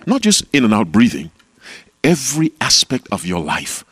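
A man delivers a sermon in a lowish voice, questioning his listeners and answering in single words. The recording is dry and close, with little room sound. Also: huge pitch swings, normal speed, breathy edge, no echo. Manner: call-and-response preaching, questioning the audience. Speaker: pastor. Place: camp meeting talk.

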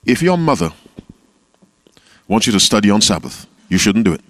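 A man preaching a sermon as pastor, asking his listeners questions and answering them himself, with quotes acted out softly. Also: fairly low pitch, big pitch swings, normal speed, no room sound. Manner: call-and-response preaching, questioning the audience. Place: camp meeting talk.

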